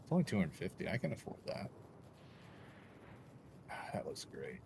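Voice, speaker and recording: A man's voice: low-pitched, huge pitch swings, normal speed, vocal fry, noisy background. A young man streaming a game, rambling and joking with chat in a loose, crude way. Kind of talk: casual gaming stream chat.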